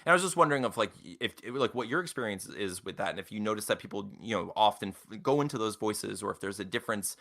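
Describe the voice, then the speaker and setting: A man's voice: fairly low pitch, animated, fast, vocal fry, few pauses, fairly bright tone. A young man as a podcast guest, talking casually and hesitantly with lots of fillers.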